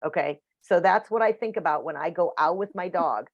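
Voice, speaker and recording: A woman's voice: on the low side, fairly quick, no room sound. A woman teaching a dog training class over a video call, chatty and matter-of-fact. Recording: dull dry video call audio.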